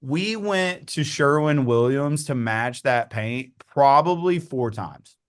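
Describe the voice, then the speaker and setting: A young man tells an animated story in a relaxed interview. His voice sounds smooth and clear, and he slips into the voices of the people he quotes and laughs as he talks. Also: mid-range voice, slow pace. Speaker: real estate agent and coach, podcast guest.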